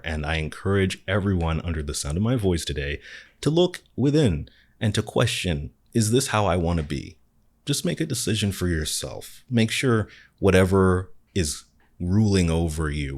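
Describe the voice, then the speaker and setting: Deep-voiced earnest man. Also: darkish tone. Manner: earnest, encouraging. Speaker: podcast host and artist. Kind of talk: reflective monologue.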